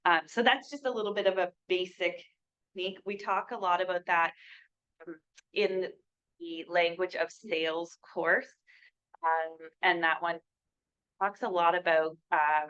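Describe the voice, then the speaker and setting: A woman's voice: medium pitch, fairly bright tone. A woman leading a sales training class in a small room. She talks casually and acts out sample sales lines for her listeners. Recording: dull lo-fi recording.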